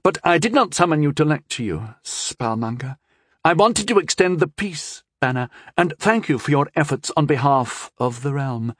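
In an audiobook, a man's voice, pushed up to the high side, portrays a scheming sixteen-year-old princess who is cold and tipsy. He drawls slyly and condescendingly with lively intonation at normal speed. The recording is dry and studio quality.

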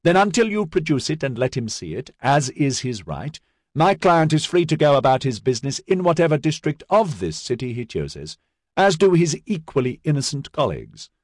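A man voicing a courteous, pompous male lawyer who speaks in a lofty, legalistic way, higher than his own voice. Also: sing-song, moderate pace, no room sound, clean studio sound. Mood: suave.

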